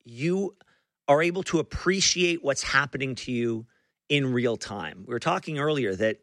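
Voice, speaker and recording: A man's voice: medium pitch, animated, normal speed, fairly bright tone, dry recording, studio quality. A man hosting a conversational interview, telling a story with frequent restarts and fillers. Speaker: interview host.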